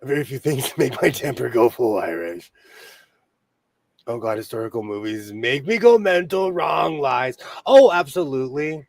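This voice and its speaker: A man's voice: mid-range voice, big pitch swings, normal speed, darkish tone, dry recording. A man from California hosting a casual chat, rambling along and laughing often. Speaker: podcast host.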